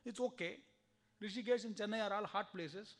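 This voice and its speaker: This man's voice is high and fairly quick, with an Indian English accent, as he gives a temple discourse on spiritual matters. Asking listeners rhetorical questions, he also performs both sides of the conversations he describes.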